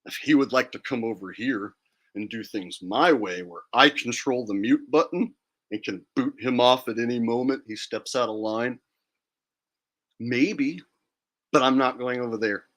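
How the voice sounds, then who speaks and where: Speaking in a mid-range voice at a measured pace, this livestream host delivers a casual rant. His tone is fairly bright, and his delivery is blunt, defiant and full of profanity.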